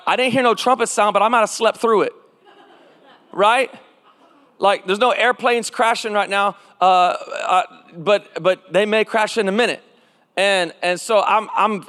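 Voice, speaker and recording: A man's voice: high-pitched, a bit bright, clear, resonant tone. A man preaching a sermon, telling a personal story and leading call-and-response with his congregation. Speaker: pastor. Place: large church hall. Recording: reverberant church hall.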